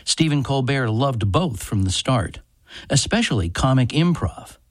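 Measured man narrating a radio program. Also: mid-range voice, expressive, no echo, clean studio sound. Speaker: TV critic and radio show host. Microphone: studio microphone.

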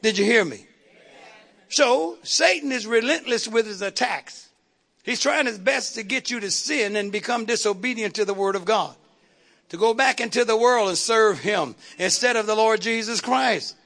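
A man's voice: sits high, moderate pace, creaky, fairly bright tone. A man preaching a fiery sermon, calling out to the congregation and repeating words for emphasis.

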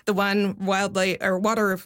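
A woman's voice: mid-range voice, little pitch movement, a little slow, a bit bright. A woman giving a conversational radio news report, explaining things step by step with frequent fillers.

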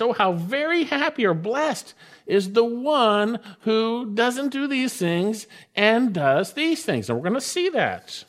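Earnest male preacher, emphatic. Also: on the high side. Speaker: pastor. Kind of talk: sermon.

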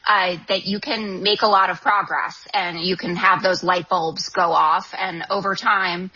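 A woman in her thirties speaks as a political commentator, assertive and articulate, with a bright, forceful edge to a slightly husky voice. Her pitch sits a little low for a woman. The broadcast sound is dull and lo-fi. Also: steady tone, unhurried. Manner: articulate and assertive, frequent "um" fillers. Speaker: guest author and TV political commentator. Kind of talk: call-in interview answers.

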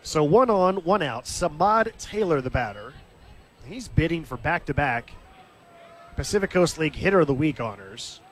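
A man calling live baseball play-by-play in a steady, conversational way, lifting his voice briefly when the action comes. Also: a little high, normal speed. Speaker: play-by-play announcer. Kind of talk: live baseball radio commentary.

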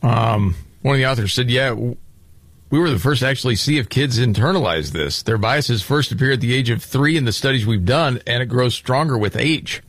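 A man's voice: mid-range voice, expressive, fairly quick, fairly bright tone, dry recording. A man hosting a talk radio show, chatting casually and leaning hard on key words.

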